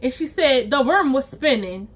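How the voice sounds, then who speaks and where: A woman vlogger telling a storytime tale, animated and chatty, acting out quotes and sound effects. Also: high-pitched, moderate pace. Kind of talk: storytime vlog.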